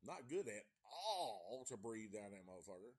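Husky, swearing man ranting about a film. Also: on the low side, moderate pace. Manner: heavy swearing, animated and exasperated, frequent restarts. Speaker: podcast host reviewing a horror film. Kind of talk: casual profane rant. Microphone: podcast mic.

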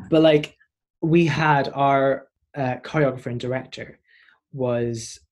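A man's voice: medium pitch, slow. A young man in his twenties with a Northern Irish accent, telling stories as a performer guest in a casual interview. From Northern Ireland. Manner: animated, rambling storyteller.

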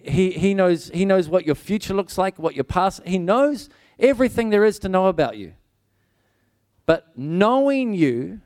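A man preaching a sermon, telling a personal story in an earnest, conversational way with frequent restarts. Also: sits high.

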